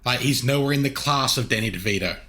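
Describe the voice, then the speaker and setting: A man's voice: medium pitch, fast talker, pushed and bright. A man co-hosting a casual podcast, laid back and offhand, swearing now and then. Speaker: podcast co-host.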